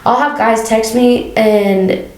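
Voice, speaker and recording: A woman's voice: fairly high pitch, slow pace, roomy sound, low-quality recording. A young woman, a hairstylist and podcast co-host, telling stories in casual chat and acting out the people in them. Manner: animated, acts out quoted dialogue, laughs often.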